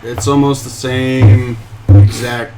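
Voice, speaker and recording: A man runs a tabletop game, pausing often and restarting his sentences as he describes each scene. His voice sits at an ordinary middle pitch. A clear hiss of noise runs under a home stream recording. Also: level tone. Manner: halting, full of fillers and restarts. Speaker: game master.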